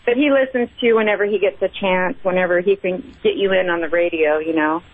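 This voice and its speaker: A woman's voice: on the low side, fast, no echo. A woman calling in to a radio show who speaks politely and earnestly. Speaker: caller. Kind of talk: phone-in conversation. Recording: tinny phone line.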